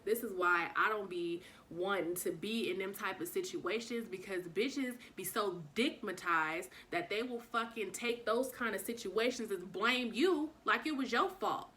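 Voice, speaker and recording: A young woman telling a storytime vlog, frank and swearing freely, acting out every bit of dialogue with big jumps in pitch. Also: unhurried, few pauses. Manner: animated retelling, acts out dialogue with pitch jumps.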